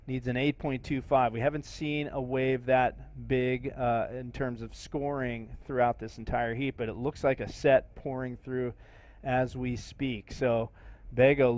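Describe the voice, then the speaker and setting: Casting: middle-aged male live commentator, mid-pitched, chatty, easygoing. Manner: relaxed, chatty play-by-play with fillers.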